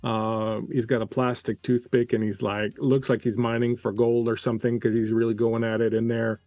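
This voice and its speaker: French-native guy gm, rambly uhs and likes, dry close mic, soft music bed. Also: medium pitch, flat delivery, normal speed, no room sound. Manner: loose, chatty, many fillers. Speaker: game master. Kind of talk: narrating a tabletop game.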